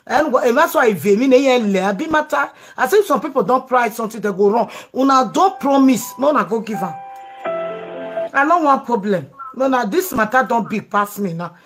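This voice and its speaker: A woman's voice: on the high side, animated, normal speed, breathy edge, faint music behind. A Nigerian woman hosting a live show, taking calls and talking emphatically in pidgin. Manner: emphatic, pleading. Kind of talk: Pidgin live-stream chat with callers.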